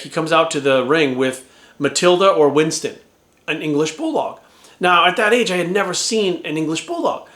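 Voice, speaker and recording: A middle-aged man telling a long rambling story in casual chat, acting out quoted lines and swearing freely. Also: mid-range voice. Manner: rambling, animated, acts out quoted voices, swears. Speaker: vlogger. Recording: roomy echo.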